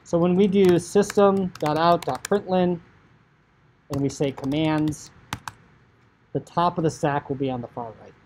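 A man teaching high school computer science, talking casually through code on screen, often saying "like" and acting out what a user might think. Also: steady tone, unhurried, pauses often, darkish tone, a little hiss or hum, rough recording. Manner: chatty, filler "like", acts out inner thoughts. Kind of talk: casual coding screencast lecture.

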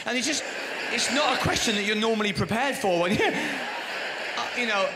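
A man's voice: high-pitched, a little fast, creaky, crowd noise. A British man doing a live stand-up set on a theatre stage, rambling and breaking off his own sentences with dry asides. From Britain. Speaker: stand-up comedian. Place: large theatre stage at a comedy gala. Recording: echoey theatre hall, audience noise.

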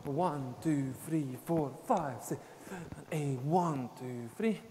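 A man with a fairly high, warm voice takes his time teaching a live online dance class. As he dances in the studio, he explains the steps and counts out the beats. Long reverb and faint ambient noise come through on the recording.

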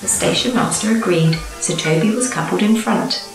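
A woman reading a children's storybook aloud in a gentle, measured way. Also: mid-range voice, reverberant, over music, rough recording.

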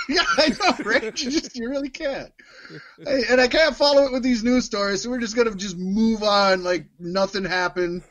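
A man's voice: very high voice, normal speed, fairly bright tone. A man co-hosting a podcast, laughing a lot and reading news items in casual comedic chat. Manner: giggly, jokey, reads news. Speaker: podcast co-host.

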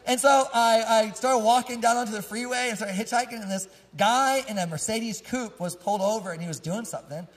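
A male pastor with a high, husky voice tells casual, joking stories from the pulpit and laughs easily along the way. His voice carries through a church sanctuary with a long, lingering echo. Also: fairly quick, few pauses. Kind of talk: storytelling sermon.

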